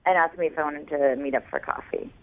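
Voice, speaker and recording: A woman's voice: low-pitched, very animated, fast, vocal fry. A woman calling in to a radio show, chatty and a little sassy as she tells her story. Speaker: caller. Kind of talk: telling a dating story on air. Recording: tinny phone line.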